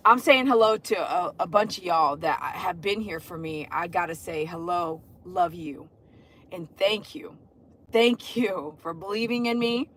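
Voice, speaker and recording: A woman's voice: medium pitch, a bit bright. A middle-aged woman, chatting on a livestream, effusively greeting viewers by name and leading sing-song chants. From Texas. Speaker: dog groomer and livestream host. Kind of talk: casual livestream chat.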